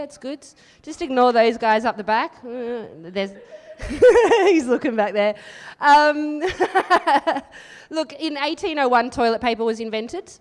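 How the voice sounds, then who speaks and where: An Australian woman doing a live stand-up set, chatty and teasing the crowd, with deadpan asides. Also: high voice. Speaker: stand-up comedian. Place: live comedy venue. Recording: live room with long reverb.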